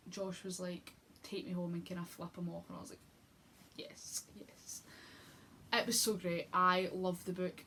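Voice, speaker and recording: A woman's voice: medium pitch, a little hiss or hum. A young woman chatting casually through a book review, gushing, with lots of fillers and restarts. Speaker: book vlogger.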